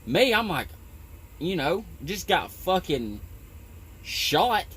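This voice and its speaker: A man's voice: sits high, very animated, slow pace, fairly bright tone, husky. Rambling, profane working man. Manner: rambling and profane, with lots of "you know". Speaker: tree-trimming crew worker. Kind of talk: casual storytelling.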